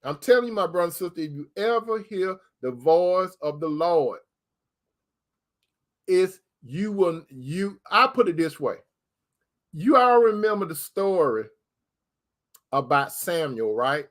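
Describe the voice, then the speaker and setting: A man's voice: sits high, animated, unhurried, pauses often. A man preaching informally to online viewers, folksy and repetitive, speaking straight to his listeners. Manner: folksy, repeats phrases for emphasis, addresses listeners directly.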